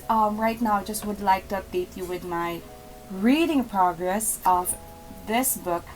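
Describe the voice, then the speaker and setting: A young woman from the Philippines talks to camera in casual reading-vlog updates, chatty and self-deprecating. Her voice sits at an ordinary middle pitch, with soft music playing faintly behind her. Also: poor audio. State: sniffly from allergies. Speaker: book vlogger.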